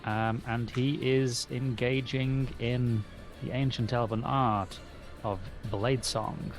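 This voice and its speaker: A man playing a tabletop game, describing his character's moves in halting speech with many fillers. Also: medium pitch, fairly even intonation, faint music behind. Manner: halting, filler-heavy storytelling.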